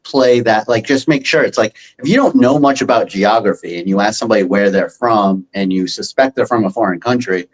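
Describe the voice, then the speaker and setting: A man speaking as a guest on a casual panel, relaxed and telling little stories. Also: medium pitch, low-quality recording. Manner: relaxed, storytelling, laughs often.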